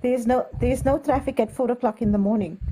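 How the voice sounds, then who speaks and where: Mellow, higher-pitched woman on a live call. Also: brisk, a little hiss or hum. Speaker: live stream guest. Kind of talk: casual chat.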